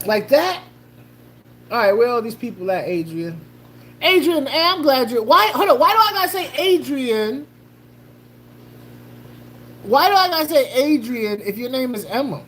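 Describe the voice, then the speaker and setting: A woman's voice: high voice, sing-song, moderate pace, pauses often, fairly bright tone, slight background noise. A woman hosting a casual livestream, joking loosely with slang, laughing and greeting chatters by name. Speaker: livestream host.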